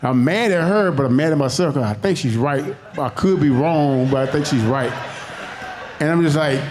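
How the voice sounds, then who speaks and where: A man from the congregation giving a personal testimony in animated, colloquial storytelling. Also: fairly high pitch, moderate pace. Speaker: congregation member.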